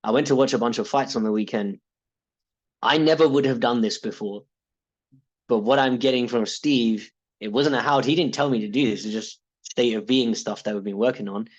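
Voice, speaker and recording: A man's voice: mid-range voice, normal speed, dull audio. A British man talking casually and reflectively about his coaching, rambling with restarts and laughs. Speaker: coaching client.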